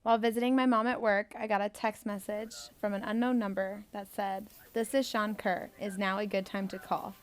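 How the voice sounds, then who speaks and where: A woman's voice: medium pitch, level tone, normal speed, hardly any pauses. A woman narrating her documentary in a plain, matter-of-fact way.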